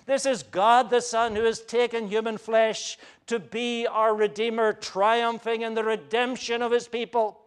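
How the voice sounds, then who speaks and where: Earnest high-voiced male preacher. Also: level tone, measured pace, few pauses, clear, resonant tone. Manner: earnest preaching with frequent restarts and fillers. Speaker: pastor. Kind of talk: sermon.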